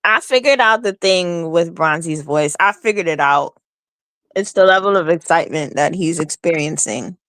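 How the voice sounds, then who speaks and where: A woman's voice: lowish voice, normal speed, fairly bright tone, dry recording. A woman co-hosting a casual online chat, playful and needling.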